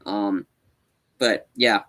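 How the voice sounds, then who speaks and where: Rambling excitable male podcast co-host. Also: lowish voice, very slow. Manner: rambling, many restarts, excitable. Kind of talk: casual podcast chat.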